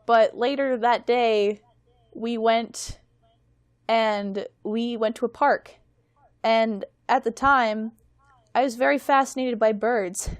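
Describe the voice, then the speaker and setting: A woman's voice: on the high side, steady tone, slow pace, no room sound. Young woman guest, self-mocking storyteller, rambling podcast chat, dry close sound.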